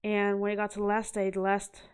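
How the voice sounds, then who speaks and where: Showing her collected art on camera, a young vlogger rambles casually and makes self-deprecating jokes. Her mid-range voice is completely flat yet smooth, and she talks fairly quickly.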